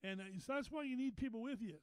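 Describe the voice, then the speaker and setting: Man, high-pitched voice, folksy sermon storytelling, stumbling repeats, dry room. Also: fast talker, smooth, no room sound, poor audio. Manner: folksy, repeats words, rises to a preaching pitch. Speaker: pastor. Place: Bible study meeting room.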